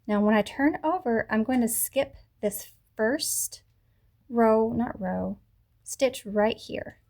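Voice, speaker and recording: A woman with a mellow, warm voice gives a beginner crochet lesson, speaking to a camera as she works. She talks patiently through each stitch, repeats steps slowly and corrects herself as she goes. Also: fairly high pitch. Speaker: crochet teacher. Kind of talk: tutorial instruction. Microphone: camera mic.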